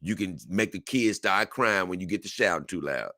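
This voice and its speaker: A young man hosting a casual livestream, reading a text aloud and reacting to it in an animated, conversational way. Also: low-pitched, normal speed, no echo, clean studio sound. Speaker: livestream host.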